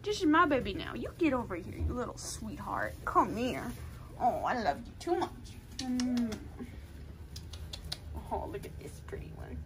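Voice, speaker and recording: A woman, chatting to puppies in a gushing baby-talk voice that jumps high into squeals. Her pitch is high and swings widely. Puppy noise fills the background. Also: very animated, a little slow, long pauses. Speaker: dog breeder vlogger. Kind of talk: casual chat with puppies. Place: puppy pen with dogs.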